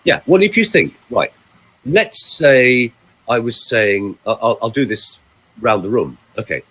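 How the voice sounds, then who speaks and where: A man, a vocal coach, talking in a podcast chat and demonstrating delivery with lively emphasis. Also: medium pitch, unhurried, husky.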